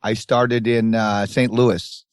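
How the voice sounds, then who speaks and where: A man's voice: lowish voice, level tone, takes it slowly, clear, resonant tone, dry recording. A man co-hosting a podcast, telling a long rambling road story in casual chat and acting out the people in it. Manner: rambling anecdotes with acted-out quotes. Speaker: podcast co-host. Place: tour bus.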